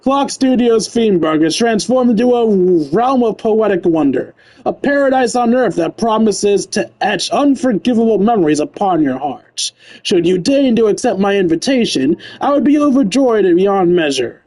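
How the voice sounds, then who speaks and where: A man voicing a cowboy gunslinger who reads out a flowery formal letter in a lowered drawl. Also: lively intonation, moderate pace, darkish tone, poor audio. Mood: pompous.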